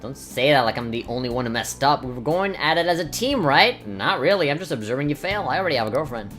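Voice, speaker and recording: Low, lively crude game commentator. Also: female voice, quick pace. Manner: crude, sarcastic, jokey. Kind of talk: let's play commentary. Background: game music.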